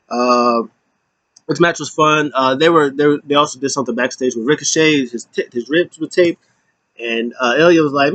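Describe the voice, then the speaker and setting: A man's voice: medium pitch, normal speed, no echo. Chatty man recapping wrestling. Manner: rambling, animated retelling full of fillers. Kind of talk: casual recap chat.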